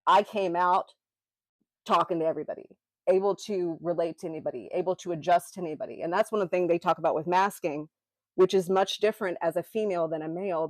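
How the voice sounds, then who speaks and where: A middle-aged woman from Memphis, co-hosting a podcast in an animated, chatty way. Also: lowish voice, no room sound, low-quality recording. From Memphis, Tennessee. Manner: animated, talks with her hands, quick asides. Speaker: podcast co-host. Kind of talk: casual chat.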